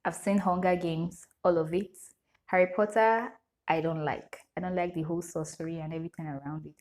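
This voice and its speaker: A woman's voice: fairly low pitch, fairly even intonation, fairly quick, darkish tone. A young woman with a Nigerian English accent, vlogging in a casual question-and-answer chat, reading each question aloud and answering it with frequent laughter.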